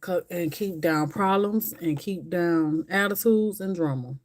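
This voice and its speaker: A woman's voice: on the low side, measured pace. A woman hosting a casual livestream, chatting and rambling straight to her viewers. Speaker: livestream host. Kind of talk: casual chat with live viewers.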